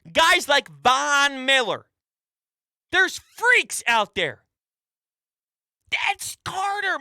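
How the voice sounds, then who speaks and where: A man hosts a sports talk show with a bright, forceful voice. His pitch jumps all over as he rants emphatically, shouting one moment and dropping to quiet asides the next. The sound is dry and close. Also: dry recording. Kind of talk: fired-up sports radio rant.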